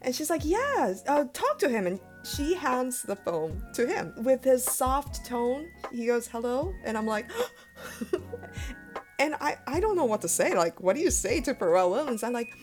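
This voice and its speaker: A woman radio host telling stories in casual chat, animated and laughing often. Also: high-pitched, measured pace, faint music behind.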